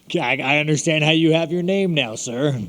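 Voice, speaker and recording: In a large hall, an American fighter briskly takes reporters' questions during a casual media scrum. His slightly high voice carries through rambling, joking answers laced with constant profanity.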